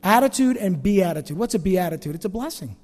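A pastor preaching a sermon, swinging between loud emphatic lines and quiet asides. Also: male voice, high-pitched, animated, fast talker, in a large hall.

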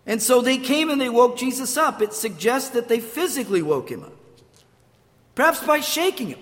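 A man's voice: extremely high pitch, very animated, a little fast, fairly bright tone, big-room sound. An older man preaching a sermon, telling stories with restarts and acting out quotes. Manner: storytelling with restarts, acts out quotes. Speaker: pastor.

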